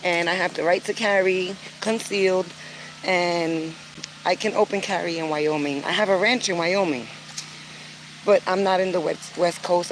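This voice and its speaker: Chatty older woman, slightly low voice. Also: background noise. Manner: earnest, chatty, warning tone with filler words. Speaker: vlogger. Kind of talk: casual vlog talk to camera.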